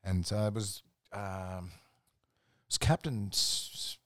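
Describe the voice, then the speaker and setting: A man's voice: fairly low pitch, fairly even intonation, takes it slowly, fairly bright tone, dry recording, studio quality. A man with an Australian accent, a podcast guest telling rambling, sweary work stories in a laid-back way. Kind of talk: casual storytelling chat.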